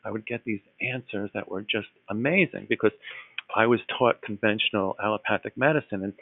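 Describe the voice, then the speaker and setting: A man's voice: fairly low pitch, fairly quick, creaky, no echo. A man telling a personal story in a casual, earnest way, with many fillers and restarts and growing enthusiasm. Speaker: guest telling his story. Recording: tinny phone-like line.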